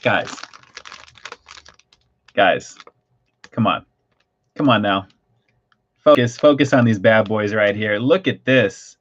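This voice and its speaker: Male food-review host on a livestream, excitable and gushing, slightly muffled desk-mic recording. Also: lowish voice, measured pace, pauses often.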